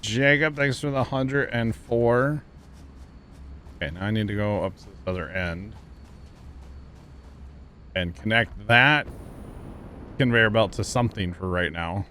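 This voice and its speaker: A man with a lowish voice talks loosely to his stream chat while he plays, rambling and quick to laugh. A faint hum sits under his voice. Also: a bit bright. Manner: chatty, rambling, thanks viewers and laughs easily. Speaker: livestreamer. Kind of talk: casual gaming livestream chat.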